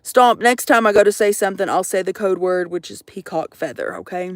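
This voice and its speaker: A woman's voice: medium pitch, fairly quick, dry recording, studio quality. A young woman rambling to her livestream viewers in a jokey, profane, casual chat from out in the woods. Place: outdoors in the woods.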